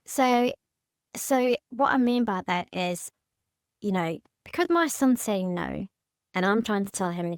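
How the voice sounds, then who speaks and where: A woman in counselling, speaking hesitantly and haltingly about her fears, with frequent restarts. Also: mid-range voice, lively intonation, clear, resonant tone, no room sound, clean studio sound. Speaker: mother seeking counselling. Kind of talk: emotional counselling conversation.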